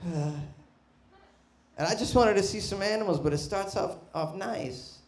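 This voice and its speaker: A man doing a stand-up comedy set, brash and profane, bursting into loud shouts. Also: sits high, moderate pace. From Boston. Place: comedy club stage.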